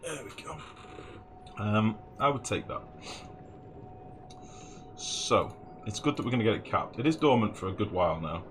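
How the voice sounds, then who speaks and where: A man's voice: on the low side, sing-song, normal speed, pauses often, noisy background. A man giving casual gameplay commentary as a let's play host, thinking aloud, muttering numbers to himself and swearing now and then. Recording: game music playing underneath.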